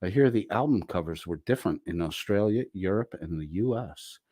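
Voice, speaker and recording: A man's voice: sits low, animated, a little fast, mellow, dry recording, clean studio sound. A man hosting a livestream, reading viewer comments aloud with crude jokes and frequent laughter. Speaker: livestream host reading chat. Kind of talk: casual livestream chat reading.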